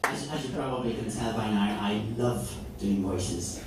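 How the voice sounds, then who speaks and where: A man's voice: lowish voice, normal speed. A man doing a rambling stand-up set, often laughing at his own jokes, recorded from far off in an echoey, noisy venue. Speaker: stand-up comedian. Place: indoor comedy venue. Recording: echoey room, far camera mic, loud noise.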